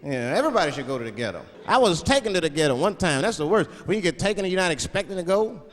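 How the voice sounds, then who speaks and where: A man with a Washington DC accent doing a stand-up comedy set, animated and slipping into put-on voices for his bits. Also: a little high, racing, long reverb tail. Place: large theater with live audience. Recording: live theater recording with audience noise.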